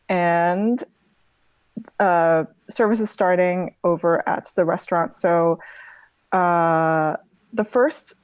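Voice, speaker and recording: A woman narrating as game master of a tabletop role-playing game, relaxed and unhurried. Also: on the low side, no echo. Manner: relaxed, hesitant with fillers while describing scenes.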